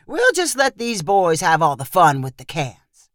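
A man's voice: high voice, huge pitch swings, measured pace, a bit bright, dry recording, clean studio sound, heavily acted. A man doing a drawling old rancher. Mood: easygoing. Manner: drawling, matter-of-fact. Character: easygoing old ranch grandfather.

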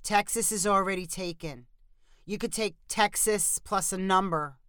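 A woman voicing a bored middle-aged female clerk who answers flatly and curtly in a storybook reading. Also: medium pitch, unhurried, no room sound, studio quality, natural voice. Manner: flat, curt.

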